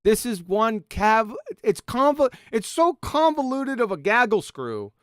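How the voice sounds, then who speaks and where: A man's voice: very high voice, sing-song, unhurried, fairly bright tone, clear, resonant tone, no room sound, clean studio sound. A man hosting a live stream, mocking and sarcastic, reading quotes and laughing often. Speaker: host.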